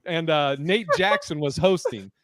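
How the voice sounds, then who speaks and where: Animated, foul-mouthed man telling stories. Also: on the high side, measured pace, crowd noise. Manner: animated storyteller, swears freely, laughs a lot. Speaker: podcast host and comedian. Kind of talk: casual podcast chat, storytelling.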